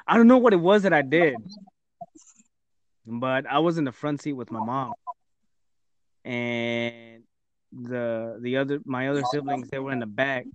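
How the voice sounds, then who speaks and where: A man's voice: mid-range voice, unhurried, long pauses, dry recording, dull audio. A young man co-hosting a podcast, telling stories in casual chat, swearing a lot and dropping in Spanish. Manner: profane, animated storytelling with mixed Spanish. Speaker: podcast co-host.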